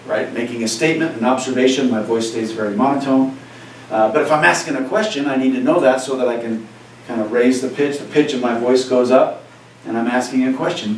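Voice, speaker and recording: A male teacher lectures in a plain, conversational way, often asking "right?" to check on his class. His voice sits at an average pitch and carries a heavy room echo. He sounds far from the mic, with faint ambient noise behind him. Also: brisk. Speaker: Spanish teacher. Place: classroom, recorded for cameras.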